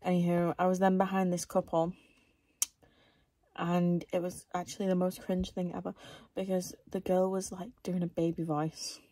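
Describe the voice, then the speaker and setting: A woman's voice: on the low side, flat delivery, moderate pace, dark tone, no echo. A young woman vlogging in a casual rant, rambling and exasperated, often dropping to a whisper. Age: young adult. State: out of breath; tired.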